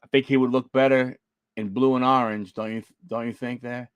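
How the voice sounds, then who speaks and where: A man's voice: mid-range voice, little pitch movement, moderate pace, smooth, no echo, dull audio. A man hosting a live card-opening stream, chatting with viewers by name and reading off player names as he flips through cards. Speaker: card break host.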